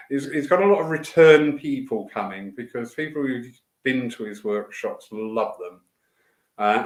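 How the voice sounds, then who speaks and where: A man who plans church events walks through the day's schedule in a church hall, his medium-pitched voice echoing around the room. These informal announcements come out enthusiastic and rambling, with filler words and side comments.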